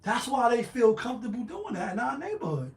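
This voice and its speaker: A man's voice: extremely high pitch, wildly swooping pitch, a little fast, a little mellow. A man hosting a livestream, delivering a profane, fiery monologue. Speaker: livestream host. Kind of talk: heated monologue. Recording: echoey room.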